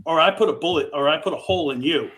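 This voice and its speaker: A man's voice: on the high side, quick pace, fairly bright tone, close to an everyday voice. A man putting on the voice of a brash male soldier hero who makes swaggering threats while recapping a story. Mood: cocky threat.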